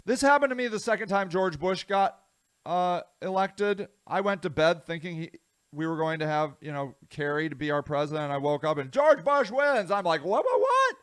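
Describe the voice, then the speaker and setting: An American man from the United States hosting a casual solo commentary vlog, rambling and self-deprecating, with a voice that swings widely in loudness. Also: on the high side, expressive, moderate pace, smooth. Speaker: vlogger, show host.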